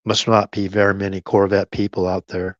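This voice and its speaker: A man's voice: low-pitched, flat delivery, brisk, no echo, highs cut off. A man hosting a late-night live stream, rambling and chuckling to himself and keeping his voice down at times. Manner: meandering, chuckling, talks half to himself; keeps voice down at times.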